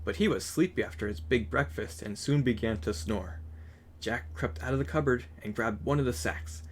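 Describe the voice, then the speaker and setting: A man reading a children's picture book aloud in a steady, gentle storytelling manner. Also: medium pitch, moderate pace, a little hiss or hum.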